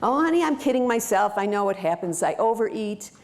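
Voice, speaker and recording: A woman's voice: medium pitch, animated, a little fast, voice pushed up, lightly acted. Woman putting on a frustrated chatty spa client. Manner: exasperated, familiar, calls listener honey.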